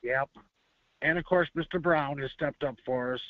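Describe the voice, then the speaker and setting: A man's voice: a little high, normal speed, crowd noise. A man from Buffalo, New York, calling in to a sports show, chatty with chuckles. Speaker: caller. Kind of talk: phoned-in fan talk. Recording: muffled phone line.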